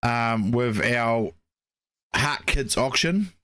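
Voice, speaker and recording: A man's voice: medium pitch, animated, drawn-out words, bright, forceful tone, no room sound, studio quality. A man co-hosting a racing show, telling long rambling stories full of "mate, you know". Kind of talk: casual chat.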